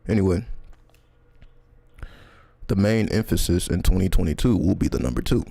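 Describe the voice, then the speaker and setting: A man hosting a casual livestream outdoors in cold air, talking loosely about numerology and sometimes dropping into a slow, soft delivery. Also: deep voice, creaky, dry recording. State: mouth burning from spicy candy, runny nose. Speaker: livestream host, numerology speaker. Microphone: handheld or clip mic, adjusting filter.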